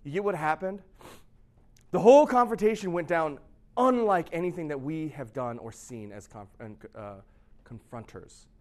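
A man's voice: on the high side, animated, normal speed. A middle-aged pastor giving a sermon in a conversational way, often asking his listeners questions. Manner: conversational, asks the audience questions.

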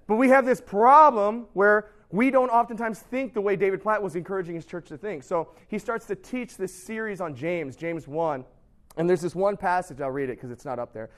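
A man's voice: a little high, normal speed. A man giving an informal sermon, telling a story with lots of fillers and restarts, and acting out the people in it. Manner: acts out quoted people in the story. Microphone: recorded live, speaks to a sound tech.

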